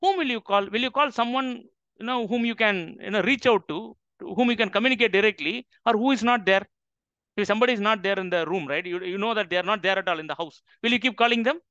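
A man's voice: high-pitched, fast talker, pushed and bright, dry recording. A man teaching an interactive religious class, speaking emphatically and often checking in with his listeners. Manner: emphatic, keeps checking with "right?". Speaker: Islamic teacher. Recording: dull, dry lo-fi sound.

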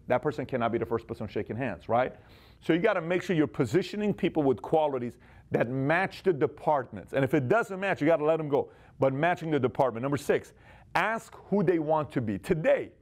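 A man in his forties giving an energetic motivational business talk, acting out quick snatches of dialogue. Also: fairly high pitch. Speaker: business speaker.

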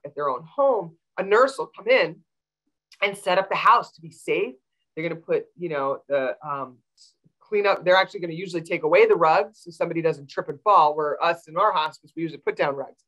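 A woman's voice: fairly low pitch, rough recording. A woman veterinarian answering audience questions on a video call, explaining with many fillers. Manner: warm, explanatory, with frequent fillers.

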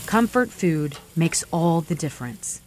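A woman's voice: deep voice, animated, a little slow, noisy background. A woman news reporter giving scripted, earnest narration.

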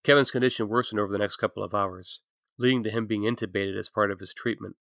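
A man giving earnest, measured scripted narration for a documentary. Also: fairly low pitch, steady tone, creaky, a bit bright, no room sound, clean studio sound.

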